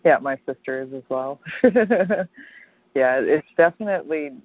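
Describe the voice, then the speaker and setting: A woman with a fairly low voice chats reflectively and laughs easily, often ending her thoughts with a tag question. The sound is dull and lo-fi and completely dry. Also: animated, measured pace, no room sound. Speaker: podcast co-host, author. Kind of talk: casual conversation.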